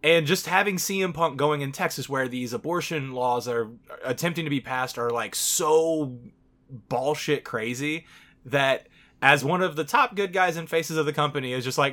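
Bright-voiced candid male co-host. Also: a little high, moderate pace. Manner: candid, swears freely, many fillers. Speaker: podcast co-host. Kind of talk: casual podcast chat.

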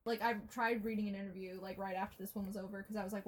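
Husky young woman chatting casually. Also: medium pitch, rapid-fire. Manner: animated, reflective. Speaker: podcast co-host. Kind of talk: casual chat.

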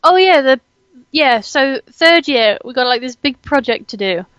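A young woman with a fairly high voice hosts a relaxed conversation. She talks in chatty bursts, giggles often and pokes fun at herself. The recording is dry and close. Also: normal speed, dry recording, highs cut off. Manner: giggly, chatty, self-deprecating. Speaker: host, student. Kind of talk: casual chat.

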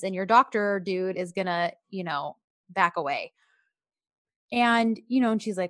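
A woman's voice: mid-range voice, unhurried, dry recording, clean studio sound. A woman co-hosting a casual chat, recapping a show's scenes with lots of fillers. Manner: chatty, talks through scenes with fillers. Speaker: co-host reviewing a show.

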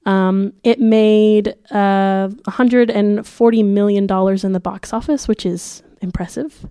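A young woman hosts a casual podcast in a smooth, clear voice, recorded dry and close. She is chatty and upbeat, with plenty of ums, and she sounds sick, slightly muffled and quiet. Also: mid-range voice, fairly even intonation, a little slow, no echo. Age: young adult. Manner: chatty, many fillers, upbeat. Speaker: podcast host. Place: school library.

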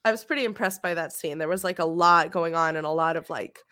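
A woman's voice: on the low side, quick pace, fairly bright tone. A woman co-hosting a podcast, chatting and reacting in a friendly, laughing way. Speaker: podcast co-host. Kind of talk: casual chat.

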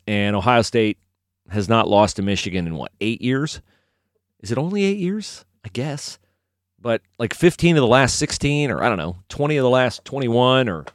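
A man's voice: mid-range voice, dry recording, studio quality. A man hosting a sports podcast, talking in an opinionated, chatty way that rambles and corrects itself. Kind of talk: casual sports talk with a host-read ad.

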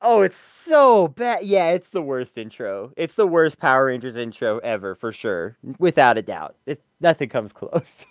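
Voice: medium pitch, very animated, normal speed, few pauses, dry recording. A podcast co-host recapping an episode in casual review chat, wry and often laughing. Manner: wry, laughing, sums up the plot.

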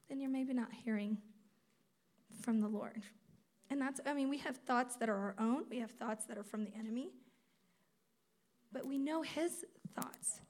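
A woman giving a sermon at a conference, conversational and animated, acting out quotes as she teaches. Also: high-pitched. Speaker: speaker at a campus ministry conference.

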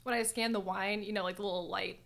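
A young woman co-hosting a podcast, telling a story in animated, casual chat. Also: mid-range voice, quick pace. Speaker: podcast co-host.

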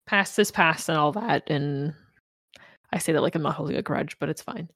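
A woman playing a halting, guarded adventurer. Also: deep voice, a bit bright, dry recording, studio quality. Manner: hesitant, halting, full of restarts.

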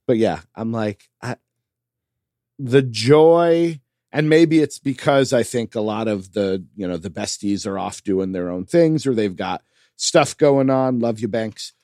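A man co-hosting a casual podcast chat, animated and quick to laugh. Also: medium pitch, no echo, clean studio sound. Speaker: podcast co-host.

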